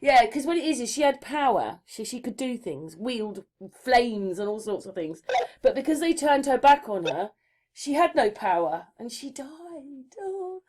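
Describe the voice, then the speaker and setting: A woman with a mellow, darker tone and a slightly higher pitch chats in a rambling way. Her talk is loose and conversational. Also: big pitch swings, normal speed. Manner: chatty, rambling, laughs easily. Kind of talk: casual conversation.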